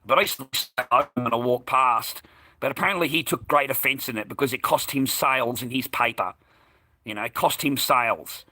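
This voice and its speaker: A middle-aged Australian man telling a story in an angry, profane rant, loudly acting out what he yelled. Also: mid-range voice, fairly quick, dry recording. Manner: profane, heated, shouting out remembered lines. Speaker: vlogger.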